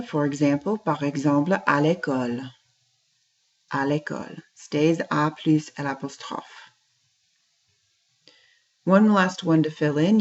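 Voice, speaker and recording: Heard through a dull lo-fi recording, a woman whose voice sits low and has a darkish tone teaches French in a classroom setting. She speaks patiently, giving French phrases and then their translations.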